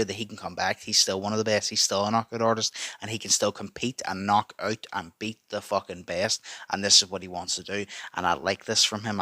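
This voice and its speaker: A man's voice: lowish voice, sharp tone, no echo. A man giving emphatic, sweary reaction commentary, repeating his points for stress. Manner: emphatic, repetitive, heavy swearing. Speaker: boxing commentary YouTuber.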